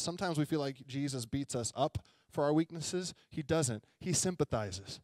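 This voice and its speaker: A man's voice: on the high side, expressive, normal speed, hardly any pauses, darkish tone, no echo. A young adult man preaching a sermon, telling a story in a chatty way and often asking the congregation questions. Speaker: pastor. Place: church sanctuary.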